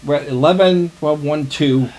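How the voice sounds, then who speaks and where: A man's voice: on the high side, normal speed, a crowd in the background. A middle-aged man co-hosting a podcast, telling a long story in casual chat, swearing often and restarting his sentences. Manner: profane, rambling storytelling with restarts. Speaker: podcast co-host.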